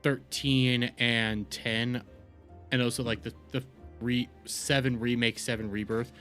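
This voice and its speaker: Mid-pitched man, argumentative stream regular, faint music behind. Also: flat delivery, fairly bright tone. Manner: quick to argue, swears casually. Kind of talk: casual group chat.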